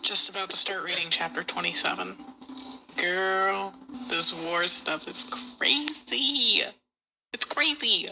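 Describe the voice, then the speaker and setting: A young woman with a very bright, tense voice talks in a slow, drawn-out way. She co-hosts a casual podcast and reacts to a book with loud excitement. She curses freely and gushes as she goes. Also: medium pitch, gravelly, slight background noise, low-quality recording. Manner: excitable, swears a lot, gushes over the story. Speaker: podcast co-host. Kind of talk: casual chat about a book.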